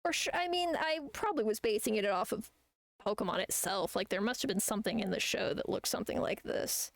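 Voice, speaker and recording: A woman's voice: medium pitch, a little fast, gravelly, no room sound. A young woman streaming as an artist, chatting casually while drawing. She rambles, laughs often and swears freely.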